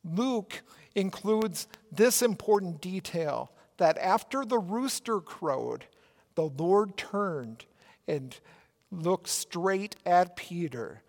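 Minnesota guy preaching real slow and earnest, echoey church sanctuary. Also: high-pitched, animated, vocal fry. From Minnesota, United States. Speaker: pastor. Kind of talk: sermon. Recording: long church reverb.

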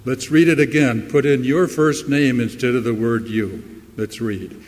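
A man preaching a sermon as pastor, slow and emphatic, with dramatic pauses and swelling emphasis, in a church sanctuary. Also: medium pitch, steady tone, a little mellow. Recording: long hall reverb.

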